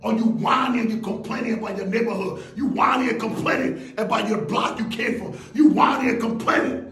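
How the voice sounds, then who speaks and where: A man with a very high voice delivers a motivational speech with intense, shouted energy. He fires off rhetorical questions one after another. The sound rings around an echoey room. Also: brisk. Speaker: motivational speaker.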